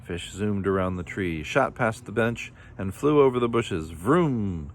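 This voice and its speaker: A man reading a children's picture book aloud in a plain, steady storytelling manner. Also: lowish voice, moderate pace. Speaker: storybook reader.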